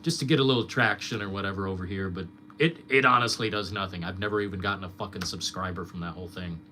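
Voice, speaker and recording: A man's voice: sits low, quick pace, pushed and bright, slight background noise. A young man streamer ranting in casual chat, swearing a lot and mocking his critics.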